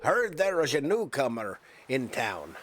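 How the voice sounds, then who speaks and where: A man voicing a gruff old male fisherman in a vague put-on accent while reading game dialogue aloud. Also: mid-range voice, sing-song, unhurried, fairly bright tone, slight background noise. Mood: hearty.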